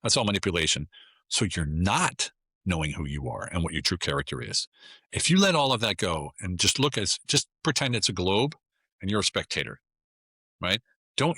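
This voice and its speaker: A man's voice: sits low, very animated, brisk, sharp tone, breathy edge, no room sound, studio quality. A middle-aged American man, a guest on a casual podcast, talking in a blunt, emphatic way and often repeating himself. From United States.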